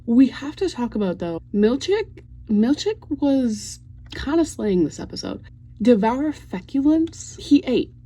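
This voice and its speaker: A young woman talking loosely to her camera at home, rambling and swearing as she goes. Her voice is mellow and a bit husky, relaxed in tone. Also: fairly high pitch, a little slow, rough recording. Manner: chatty, swears freely, rambling fan rant. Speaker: vlogger. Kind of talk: casual vlog chat.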